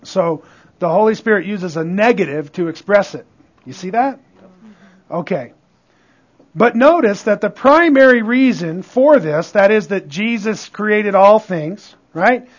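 A man's voice: high-pitched, animated. A man preaching a sermon, reading scripture with heavy stress and calling out "Amen?" to the congregation. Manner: emphatic, calls out "Amen?" to the congregation; reads scripture slowly and with stress. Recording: dull lo-fi recording.

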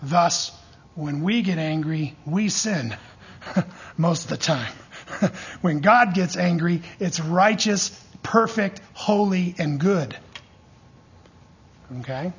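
A man delivering a sermon in a strongly husky, breathy voice that sits on the higher side for a man. He keeps checking in with his listeners and prompting their replies as he teaches. The recording sounds dull and lo-fi. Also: takes it slowly, pauses often. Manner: lively preaching with call-and-response checks. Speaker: pastor teaching a church class.

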